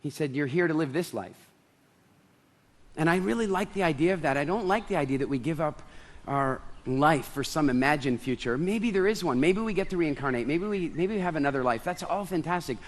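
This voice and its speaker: A man telling a story on stage in an animated way, acting out both sides of a conversation. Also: fairly high pitch, brisk. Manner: animated storyteller, acts out dialogue.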